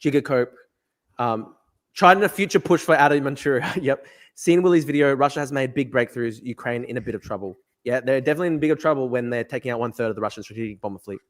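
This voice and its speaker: A young man hosting a livestream, excitable and profane, reading viewer comments aloud. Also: mid-range voice, fast talker. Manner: excitable, profane, laughing, reads chat aloud. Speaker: livestream host.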